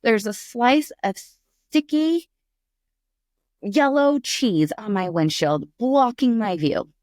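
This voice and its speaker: A middle-aged woman, a podcast guest, telling a candid story in conversation, lively and acting out the voices in it. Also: fairly high pitch, slow pace, dry recording, clean studio sound. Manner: animated, acts out voices in her stories.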